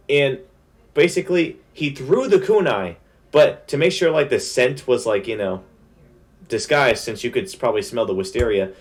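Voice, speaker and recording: A young man recapping an anime in a casual spoiler review, excited and slangy with lots of fillers. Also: mid-range voice.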